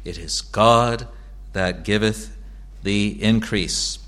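A man preaching a sermon to his congregation as their pastor, speaking in an earnest, measured way and repeating phrases for emphasis. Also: lowish voice, fairly bright tone.

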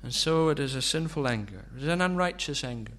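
A man preaching a sermon, asking slow, searching rhetorical questions. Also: mid-range voice, expressive, a bit bright.

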